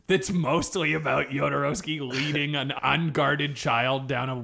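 High, gravelly man joking fast. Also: steady tone, sharp tone. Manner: quick, joking, profane. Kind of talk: casual comedic banter.

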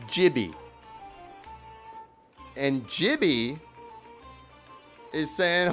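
A man's voice: fairly low pitch, measured pace, faint music behind. A man narrating as dungeon master in a tabletop game, in a loose, playful manner.

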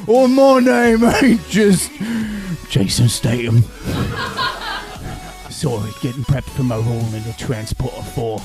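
A man putting on a put-on Australian accent to voice a hammy male snack pitchman in a loud, singsong sales pitch. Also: expressive, a little slow, long pauses, over music.

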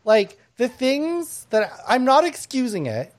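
A woman's voice: sits high, sing-song, slow, a little mellow. A woman hosting a comedy panel chat, blunt and antagonistic, who laughs often between her lines. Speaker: panel show host.

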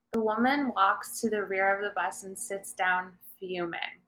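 A woman's voice: mid-range voice, steady tone, a bit bright. A woman guest on a comedy podcast, hesitant and laughing a lot in casual chat. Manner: slow, hesitant, laughing often.

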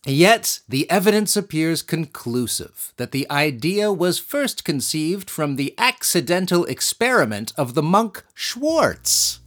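A man hosting a history podcast in casual chat, playful and animated, quick to laugh. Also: a little high. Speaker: podcast host.

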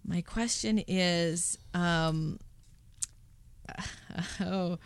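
A woman's voice: lowish voice, drawn-out words, smooth. Chatty woman podcast host. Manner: chatty, excitable storytelling with laughs. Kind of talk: casual interview chat.

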